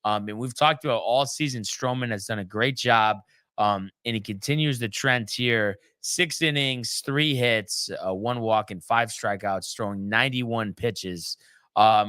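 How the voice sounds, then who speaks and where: A man talking through a sports recap in a casual, rambling way, full of ums and small restarts. His voice is bright and crisp, and it sounds close and dry with no room echo. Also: mid-range voice. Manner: loose and chatty, many ums and restarts. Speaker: sports show host.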